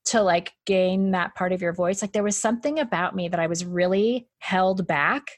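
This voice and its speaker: A woman's voice: on the low side, moderate pace, no room sound. A woman talking as a podcast guest in a casual, chatty conversation, with lots of "like" fillers and frequent laughs.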